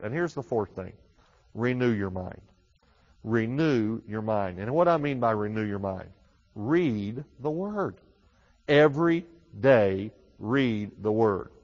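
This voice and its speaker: A man preaching a sermon in a conversational way, often repeating himself. His voice rises loud on key phrases and then drops low and quick. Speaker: pastor. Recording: dull reverberant hall recording.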